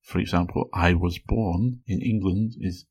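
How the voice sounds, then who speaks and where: A man hosting an educational podcast, reading a scripted explanation in a measured way and slowing down to pronounce example phrases. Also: deep voice, fairly even intonation, darkish tone, slightly rough. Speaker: podcast host.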